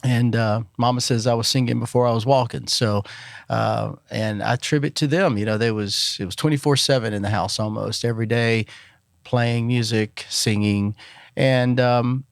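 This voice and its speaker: A middle-aged man, a musician guest telling relaxed stories in a casual interview, with many fillers. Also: medium pitch, moderate pace, vocal fry, no room sound, studio quality. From Alabama, US.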